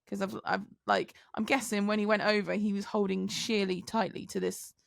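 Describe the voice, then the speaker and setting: A woman's voice: medium pitch, level tone, normal speed, creaky, no echo, studio quality. A woman co-hosting a trucking podcast, telling a story in chatty casual talk full of fillers. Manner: chatty, many fillers, giggly. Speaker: podcast co-host, truck driver.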